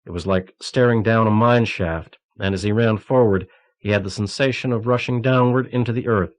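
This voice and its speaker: A man reading a thriller novel aloud in a steady, measured narration. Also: on the low side. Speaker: audiobook narrator. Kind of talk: scripted narration. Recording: cassette audiobook transfer.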